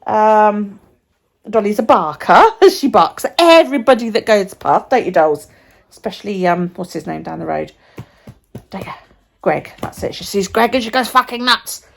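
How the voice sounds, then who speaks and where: A woman's voice: medium pitch, expressive, normal speed, creaky. A woman vlogging on her phone, rambling casually, sometimes swearing and often dropping to a near whisper. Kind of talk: casual chat. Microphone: phone held by the speaker.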